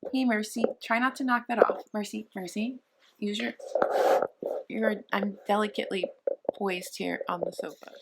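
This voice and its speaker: A woman's voice: mid-range voice, fairly even intonation, moderate pace, gravelly, heavy background noise. A young woman vlogging casually from her sofa at home, rambling and gushing with many restarts. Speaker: book vlogger. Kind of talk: casual vlog chat.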